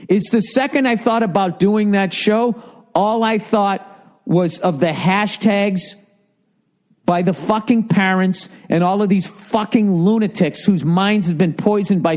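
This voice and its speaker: A comedian hosting a podcast, ranting heatedly and sarcastically, with constant swearing. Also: male voice, sits high, a little mellow. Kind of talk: profane comedic rant.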